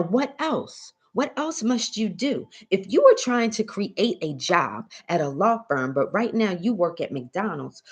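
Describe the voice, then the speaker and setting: A woman's voice: on the low side, husky. A woman coaching a mindset lesson on a live stream, often checking in with "right?" and "okay?" and calling listeners "baby.". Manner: coaxing, calls listeners "baby". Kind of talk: motivational teaching talk.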